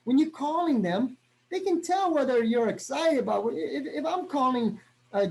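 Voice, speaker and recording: A man giving an energetic motivational training talk over a video call, constantly checking in with his listeners. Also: extremely high pitch, moderate pace, vocal fry. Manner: energetic, punctuates every point with "right?".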